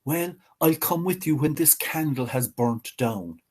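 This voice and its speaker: A man voicing the Carruach, a crafty healer who calmly tricks Death. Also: a little high, measured pace, husky. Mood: sly. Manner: sly, calm and cheerfully tricky.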